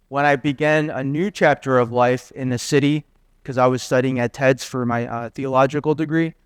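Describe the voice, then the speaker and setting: A man's voice: medium pitch, clean tone, no room sound. A middle-aged man preaching a sermon, telling personal stories and acting out the dialogue. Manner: earnest storytelling, quoting dialogue in lively voices. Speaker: guest preacher.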